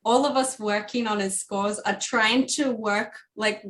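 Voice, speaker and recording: A composer from Australia chats in an interview with a mid-range voice, fairly even intonation and a measured pace. She keeps it casual, laughing frequently and saying um a lot.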